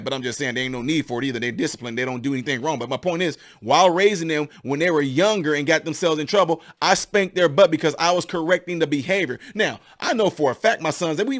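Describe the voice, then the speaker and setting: A man's voice: a little high, quick pace, few pauses. A middle-aged man giving opinionated political commentary, emphatic and preachy, with lots of rhetorical questions.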